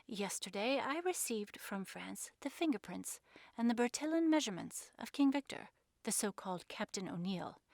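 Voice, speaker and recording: A woman's voice: on the high side, expressive, moderate pace, vocal fry, a little mellow, dry recording, studio quality. Earnest, grim male French detective, raised and emphatic, put on by a woman reader. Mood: intense.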